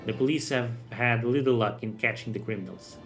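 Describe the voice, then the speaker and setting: A man's voice: mid-range voice, brisk, lightly acted. A genteel, fussy well-to-do lady, polite and a little flustered, as a man reads her lines. Her manner is prim and proper. Faint music plays underneath.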